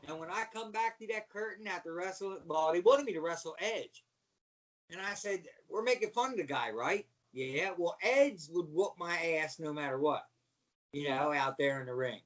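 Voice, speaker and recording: A middle-aged man with a fairly high voice tells wrestling stories on a podcast. He acts out every character, shouts and laughs, and jumps from quiet asides to loud outbursts. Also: a little slow. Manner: animated storyteller acting out voices, yelling and laughing. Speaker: guest, former pro wrestler. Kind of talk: storytelling on a podcast.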